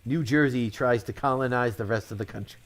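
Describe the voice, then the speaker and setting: A man's voice: medium pitch, fairly quick. Man chuckling at his own one-liners. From Connecticut, USA. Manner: chuckles at his own jokes, offhand self-commentary. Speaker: comedian. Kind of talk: telling one-liner jokes.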